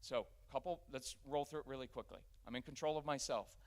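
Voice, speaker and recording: Middle-aged male speaker at a church workshop, mid-range voice, brisk and chatty with a live room. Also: mid-range voice. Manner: energetic and conversational, acting out quick family scenes. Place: church gathering with a live audience.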